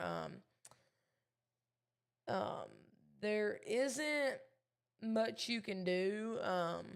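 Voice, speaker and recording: A woman's voice: medium pitch, clean tone. A young woman with a Southern Kentucky accent giving casual live weather radar commentary, chatty and self-deprecating, with many ums. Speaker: livestream weather streamer.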